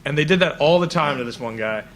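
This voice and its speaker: A man's voice: on the high side, expressive, fast, a bit bright. Laid-back young man with a lightish voice. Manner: laid-back, chimes in with short agreements, exaggerated voices in anecdotes. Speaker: podcast co-host. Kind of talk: casual chat.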